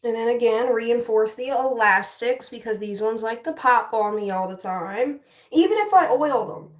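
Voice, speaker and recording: A woman's voice: on the high side, lively intonation, moderate pace, recorded from a distance. A young woman livestreaming as she styles her hair, chatting casually with viewers, frustrated and swearing. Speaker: livestream host. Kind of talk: casual livestream chat while styling hair. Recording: echoey room, voice off-mic.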